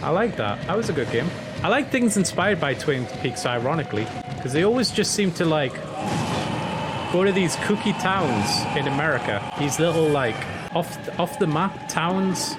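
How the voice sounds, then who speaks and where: A man's voice: fairly high pitch, normal speed, music in the background. A young man chatting casually on a game stream, rambling, joking and swearing. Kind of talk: casual live-stream chat. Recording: steady background noise.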